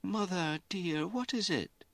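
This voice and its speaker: A man's voice: high-pitched, animated, takes it slowly, creaky, fairly bright tone, no echo, voice pushed up, exaggerated voice. A man reading an audiobook, voicing a headstrong young noblewoman who speaks bluntly and sometimes pleads. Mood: pleading.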